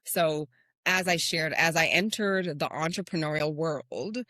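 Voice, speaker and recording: A woman's voice: deep voice, measured pace, bright, forceful tone, no echo, studio quality. A woman hosting a motivational podcast, speaking earnestly and telling stories with rhetorical questions. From Canada. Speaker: podcast host and confidence coach.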